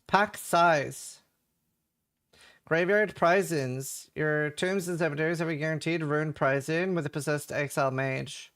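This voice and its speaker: This Norwegian streamer is a young man with a Norwegian accent who chats and rambles while going through patch notes and chat messages live. He speaks at a measured pace in a voice that sits on the high side and sounds fairly bright.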